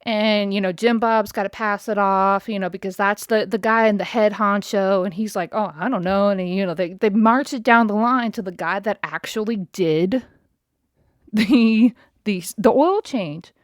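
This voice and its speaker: Woman in her thirties, podcast host, ranting, swears a lot, exasperated, middle pitch, dry close sound. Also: measured pace, no echo. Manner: profane, exasperated, talks straight to listeners. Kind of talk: casual storytelling rant.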